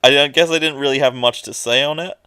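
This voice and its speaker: A man talks casually on a podcast, stopping and restarting with plenty of fillers. His voice is smooth and resonant, and it sits close and dry on the mic. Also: mid-range voice, steady tone, sharp tone, dry recording. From England. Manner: halting, full of fillers and restarts. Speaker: podcast co-host. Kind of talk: casual chat.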